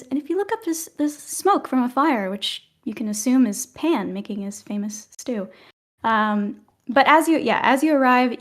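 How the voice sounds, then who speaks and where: A woman running a tabletop game as game master, describing scenes at length with casual fillers. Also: a little high.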